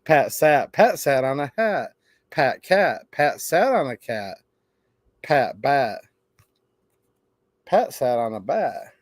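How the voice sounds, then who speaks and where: A man's voice: medium pitch, big pitch swings, slow pace, pauses often, no room sound, studio quality. A man hosting a live stream, reading a children's rhyme book aloud in a playful sing-song way.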